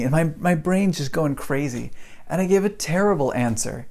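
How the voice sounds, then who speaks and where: A middle-aged man hosting a podcast, telling a personal story in a chatty, animated way and acting out his own reactions. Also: a little high, normal speed. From United States. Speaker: podcast host and English teacher. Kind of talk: casual storytelling monologue.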